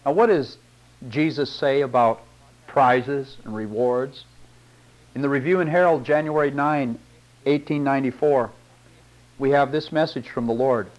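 A man's voice: medium pitch, measured pace, pauses often, poor audio. A middle-aged man preaching a sermon, reading long quotations aloud and commenting on them with rhetorical tag questions.

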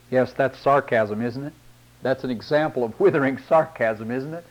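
A man's voice: mid-range voice, normal speed, dull audio. A middle-aged man preaching a sermon, reading long quotations aloud and commenting on them with rhetorical tag questions.

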